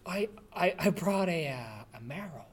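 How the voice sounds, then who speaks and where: A man's voice: a little high, animated, measured pace, husky. A man doing an impression of a laid-back, drawling male movie star in a comedy improv sketch, saying "wow" over and over. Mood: dopey laid-back.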